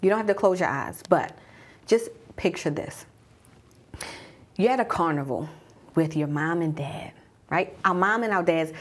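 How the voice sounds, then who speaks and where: A woman around forty, a mom coach, telling a personal story as a guided journey, dropping to a hush at tense moments. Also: lowish voice.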